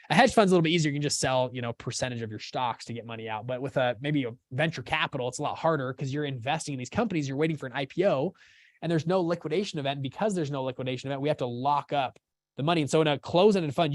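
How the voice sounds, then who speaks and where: A man's voice: mid-range voice, dry recording, studio quality. A man hosting a live teaching session, casual and upbeat, often checking that listeners follow along. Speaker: course host.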